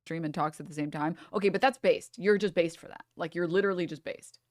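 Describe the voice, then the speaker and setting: A woman's voice: lowish voice, fast, no echo. Woman in a stream clip, teasing and emphatic, dry close sound. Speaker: content creator in a played clip. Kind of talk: casual stream chat.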